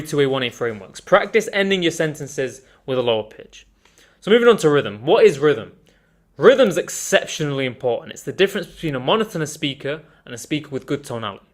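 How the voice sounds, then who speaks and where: A man with a fairly high voice leads an online speaking lesson. He is energetic and emphatic, punching key words and calling his viewers guys. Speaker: communication coach.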